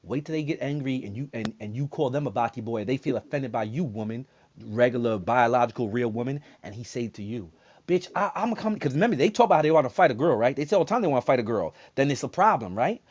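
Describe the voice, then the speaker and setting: A man's voice: medium pitch, lively intonation, quick pace, darkish tone. A man on a panel in an online talk room, giving heated opinion talk. He repeats his warnings and keeps asking "right?". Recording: dull lo-fi online audio.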